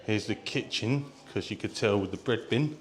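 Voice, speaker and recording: A man vlogging a casual walking tour of an open-air museum, chatty and excitable, talking straight to his viewers. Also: lowish voice, moderate pace, a little hiss or hum. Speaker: travel vlogger. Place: visiting an open-air museum, indoors and outdoors.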